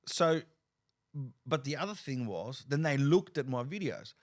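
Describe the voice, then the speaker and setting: This time the comedian host's voice is medium in pitch and a little slow. He still tells stories animatedly in a casual chat, often repeating and starting over as he vocally gestures.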